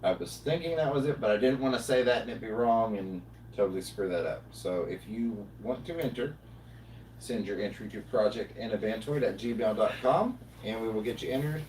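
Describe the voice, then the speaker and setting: A man hosting a casual livestream chat, talking in a relaxed, rambling way with lots of fillers. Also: on the low side, fairly quick. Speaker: livestream host. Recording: roomy, distant mic, faint noise.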